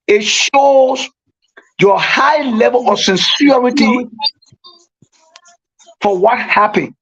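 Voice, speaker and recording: A man's voice: very high voice, takes it slowly, a bit bright, slightly rough. A man, a pastor, calling in by phone and explaining his advice in a preacherly manner. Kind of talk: radio call-in discussion. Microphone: phone call. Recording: dull lo-fi phone line.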